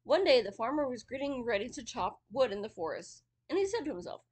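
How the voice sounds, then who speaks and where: A woman's voice: on the high side, big pitch swings, fairly quick, few pauses, darkish tone. A woman casually reading a fairy tale aloud, with chatty asides. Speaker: storyteller.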